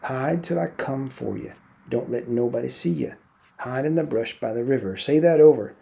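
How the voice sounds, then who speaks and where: A man reading aloud, voicing a worried, protective ranch hand who gives quick, urgent warnings. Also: medium pitch, gravelly, mellow, natural voice.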